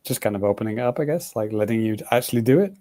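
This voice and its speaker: A man's voice: lowish voice, expressive, racing, mellow. A man co-hosting a casual podcast chat, rambling and hedging as he explains things. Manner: rambling, hedges with "like". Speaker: podcast co-host.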